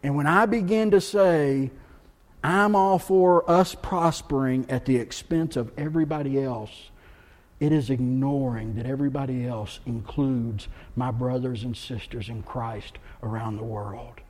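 A pastor from the United States preaching a sermon in a church, moving between quiet, earnest stretches and loud, impassioned ones. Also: male voice, mid-range voice, unhurried. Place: church sanctuary.

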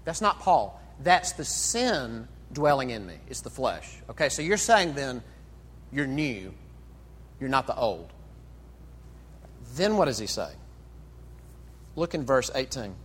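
A male pastor preaching a conversational sermon, full of rhetorical questions and quick restarts. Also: mid-range voice, sing-song, fairly bright tone, slight background noise. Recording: echoey hall with long reverb.

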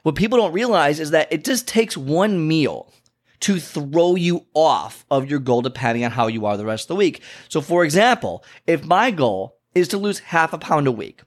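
Animated male fitness coach, chatty. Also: normal speed. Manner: animated storyteller, acts out clients and himself with big pitch jumps; conversational, frequent "okay?" and "you know" asides. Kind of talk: casual talking-head advice.

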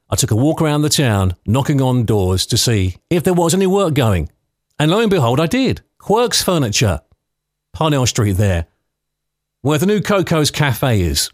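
A man's voice: mid-range voice, no echo. Give me a man in his fifties from London, nostalgic and anecdotal, hosting a storytelling podcast with a dry sound. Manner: chatty, nostalgic, anecdotal with light laughs. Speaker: podcast host.

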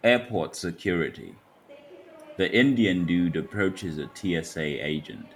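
A man putting on a deep dramatic narrator voice to set a comedy sketch scene in a slow, portentous way. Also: lively intonation, vocal fry, a little hiss or hum, exaggerated voice. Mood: ominous.

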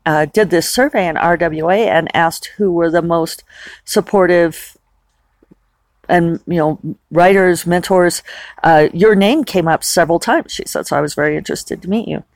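A woman's voice: lowish voice, normal speed, no room sound. A woman hosting a podcast, talking candidly in a chatty personal monologue with frequent restarts and laughs. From Western United States. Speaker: podcast host.

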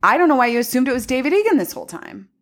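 A woman's voice: high-pitched, big pitch swings, racing. A woman co-hosting a podcast, recapping a movie in casual, sarcastic, profane chat. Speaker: podcast co-host.

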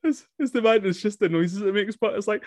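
A man co-hosting a casual film review podcast, excitable and laughing a lot. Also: high-pitched, brisk, no room sound, clean studio sound. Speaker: podcast co-host.

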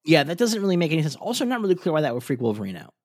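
Animated, dry-sounding man chatting casually. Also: fairly high pitch, racing, dry recording. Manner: rambling, lots of ums and restarts, swears casually. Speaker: podcast co-host. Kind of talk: casual chat recapping a cartoon episode.

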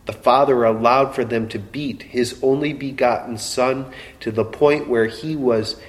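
Male preacher, measured and dramatic delivery, mid pitch, long hall reverb. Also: fairly even intonation. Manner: slow, dramatic preaching with emotional quoted voices. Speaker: pastor. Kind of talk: sermon.

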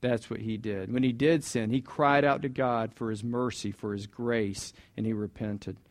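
A man's voice: medium pitch, steady tone, normal speed. A man preaching a sermon in a conversational way, asking the congregation questions and repeating key points. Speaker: pastor.

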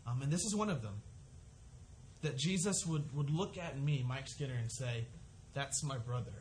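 A man's voice: mid-range voice, lively intonation, moderate pace, a little mellow, slight background noise. A man preaching a sermon, earnest and conversational, often restarting his sentences as he works through a scripture passage. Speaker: pastor.

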